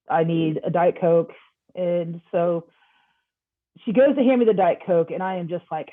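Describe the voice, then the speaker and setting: A woman guest on a podcast, telling a personal story in a casual, animated way and acting out the dialogue. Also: lowish voice, no echo. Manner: animated, acts out quoted dialogue. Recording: tinny phone-like line.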